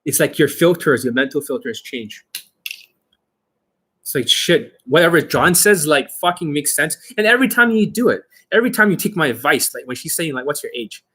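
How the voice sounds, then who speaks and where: A man's voice: on the high side, lively intonation, moderate pace, sharp tone, breathy edge. A man working as a dating coach, talking to the camera in a boastful way and swearing a lot. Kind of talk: profane talk to camera.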